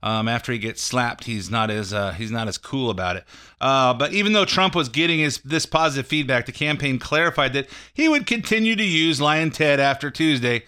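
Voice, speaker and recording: A man hosts a call-in radio show with a bright, crisp and clear voice. He talks off the cuff about politics, rambling with frequent fillers and restarts. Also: mid-range voice, a little fast. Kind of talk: casual political commentary.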